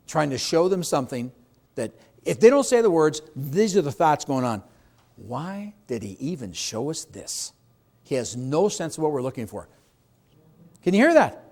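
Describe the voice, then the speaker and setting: A middle-aged man teaching real estate agents at a seminar, speaking emphatically, asking the room questions and acting out what clients say. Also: on the high side. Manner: emphatic, asks the audience questions, acts out client quotes. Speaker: real estate sales trainer. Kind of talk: seminar talk to a live audience.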